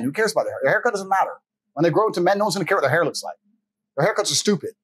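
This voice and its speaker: This guest talks fast in a high, slightly rough voice, bluntly recounting something that happened to him and swearing freely as he acts out everyone he quotes. It's casual conversation, captured on a rough recording with no room sound.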